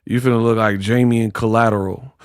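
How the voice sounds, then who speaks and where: A man's voice: fairly low pitch, fairly even intonation, a little fast, clean tone, dry recording, clean studio sound. A man hosting a casual commentary stream, talking in slangy, teasing rants. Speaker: YouTuber streamer.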